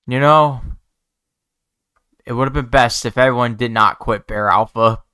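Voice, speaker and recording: A man talking to his viewers while holding back tears, halting and restarting his words, sighing often. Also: medium pitch, sharp tone. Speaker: YouTuber. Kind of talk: emotional talk to camera.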